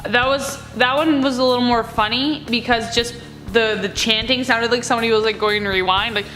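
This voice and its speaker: A woman's voice: on the high side, fairly even intonation, a little fast, sharp tone. A woman reacting to scary video clips, with jumpy exclamations and chatty asides. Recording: music clearly playing behind.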